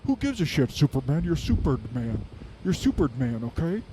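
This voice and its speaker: A man's voice: on the high side, sing-song, normal speed, mellow, slight background noise. A man playing a goofy adult male superhero who muses aloud in a rambling way and makes his own sound effects, in an improvised comedic monologue.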